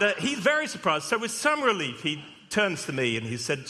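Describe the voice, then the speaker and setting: Lively preacher in a reverberant hall. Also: male voice, high voice, a little fast, hardly any pauses, noisy background. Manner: storytelling, lively and humorous. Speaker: vicar, preacher. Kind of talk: sermon with anecdote.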